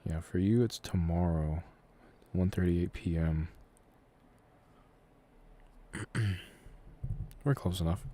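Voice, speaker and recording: A young man in his twenties, from Canada, chats through a live Q&A from his room at home. His voice sits deep and soft-edged, with a mellow warmth. He wanders through answers in a relaxed, rambling way, full of fillers and trailing hedges. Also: slow pace, pauses often. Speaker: audio creator hosting a live Q&A. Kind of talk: casual live-stream chat.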